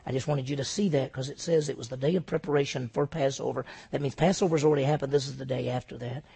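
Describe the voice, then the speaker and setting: A man preaching a sermon, emphatic, asking rhetorical questions and swinging between loud and hushed delivery. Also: medium pitch, fairly even intonation, fast, creaky, slightly rough. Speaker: pastor.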